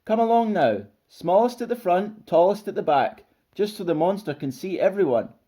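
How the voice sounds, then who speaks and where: Storybook: man doing posh, bossy, cowardly lion, mellow, animated. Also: sits high, moderate pace, pitched above the performer's own voice. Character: pompous, cowardly male lion named Ralph.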